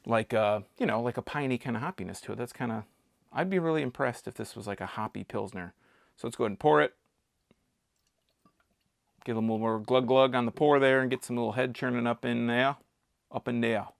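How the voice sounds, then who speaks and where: Chatty man with a gravelly voice. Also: mid-range voice, brisk, pauses often, no echo, studio quality. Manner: chatty, jokey, rambling with restarts. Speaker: beer reviewer. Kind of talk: casual beer tasting vlog.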